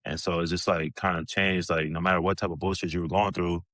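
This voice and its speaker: Very deep-voiced laid-back man swearing freely. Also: level tone, quick pace, a bit bright, dry recording, studio quality. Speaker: podcast guest, retired pro basketball player. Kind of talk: casual storytelling interview.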